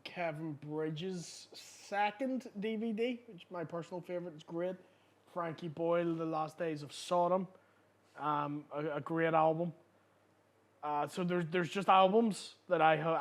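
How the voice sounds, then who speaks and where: A man with a Northern Irish accent, a comedian guest chatting in a local pub, relaxed and rambling, swearing casually. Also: fairly high pitch, measured pace. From Northern Ireland.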